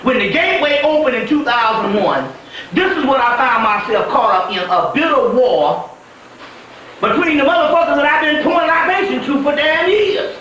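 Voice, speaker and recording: Very high-pitched man lecturing in an echoing hall. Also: lively intonation, normal speed, bright, forceful tone. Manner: profane, emphatic, laughs often. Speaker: spiritual teacher. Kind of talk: profane, animated storytelling lecture. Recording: echoey room from far off, faint noise.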